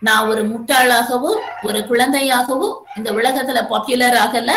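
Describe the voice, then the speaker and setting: Tamil-accented woman, poetry lecture, high voice, echoey room, faint hiss. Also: fairly bright tone. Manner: explains slowly, mixing English and Tamil, quotes verse aloud. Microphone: computer mic on a video call.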